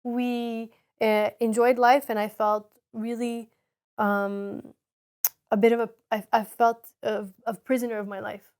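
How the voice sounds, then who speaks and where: Woman cohost talking real slow and thoughtful, lots of ums. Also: a little high, level tone, darkish tone, smooth. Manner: slow, reflective, hesitant with many ums. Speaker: podcast co-host. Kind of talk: casual personal storytelling.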